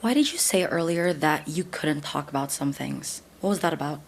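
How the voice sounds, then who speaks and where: A woman co-hosting a podcast, asking questions in an inquisitive, somewhat low-key way. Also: animated, normal speed, gravelly, slight background noise. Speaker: podcast co-host. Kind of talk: casual chat.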